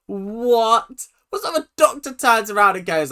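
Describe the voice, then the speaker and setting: An excitable reaction host with a bright, sharp voice at middle pitch, talking casually and emotionally while watching an episode. Swears and exclaims often, swinging between gushing and outrage. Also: moderate pace, few pauses.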